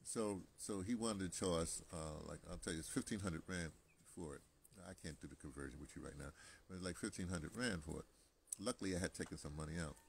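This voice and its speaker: A man's voice: low voice, fairly quick, creaky, slight background noise. An American man talking to camera in a rambling, casual monologue, chatty and digressive, with many restarts and asides. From United States. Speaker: vlogger.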